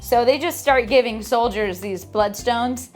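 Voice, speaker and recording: A woman's voice: on the high side, unhurried, darkish tone, soft background music. A woman hosting a casual book club recap, chatty with lots of fillers and some swearing. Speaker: host.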